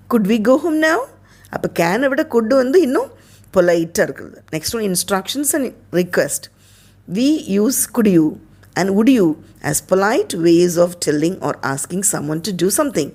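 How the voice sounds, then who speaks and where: A woman's voice: mid-range voice, a little mellow, slightly rough. A woman with a Tamil accent teaching an English grammar lesson to schoolchildren, reading example sentences and explaining them in Tamil, often checking with "okay?". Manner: switches between English and Tamil, reads example sentences aloud; addresses students as children, checks with "okay?".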